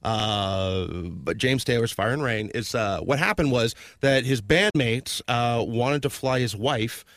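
A man co-hosting a casual podcast, meandering through stories with lots of ums, restarts and crude jokes. His voice sits at an ordinary pitch. It is recorded dry and close, with no room sound. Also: measured pace, fairly bright tone, no room sound. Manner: rambling, crude, many fillers and restarts. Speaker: podcast co-host. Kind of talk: casual chat.

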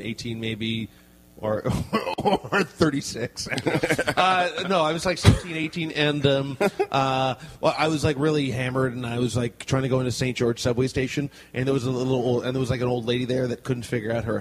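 A man's voice: medium pitch, fairly even intonation, normal speed, slight background noise. A middle-aged man co-hosting a podcast, telling stories in a rambling way with frequent laughter. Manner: rambling storyteller, laughs often. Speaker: podcast co-host. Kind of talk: casual chat.

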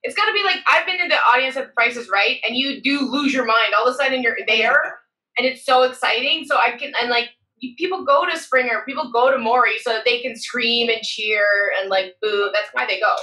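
Chatty woman, bright voice, kinda far from the mic. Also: on the high side, fairly quick. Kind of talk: casual chat. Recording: heard from off mic.

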